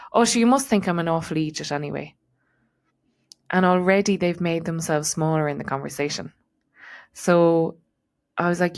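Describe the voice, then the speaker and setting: A middle-aged woman hosting a podcast, giving casual coaching advice in a reflective way, with many fillers and repeated words. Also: deep voice. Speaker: podcast host and transition coach.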